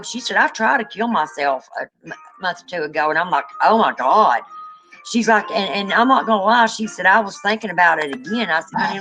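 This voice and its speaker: A woman co-hosting a livestream in casual chat, telling a long story and jumping up in pitch when she quotes people. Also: poor audio. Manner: animated storyteller, rises high when quoting. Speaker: livestream co-host.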